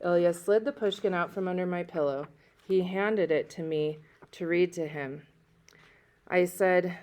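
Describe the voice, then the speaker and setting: A woman teacher reading a novel aloud to students and pausing to discuss it, checking in as she goes. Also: fairly low pitch, darkish tone.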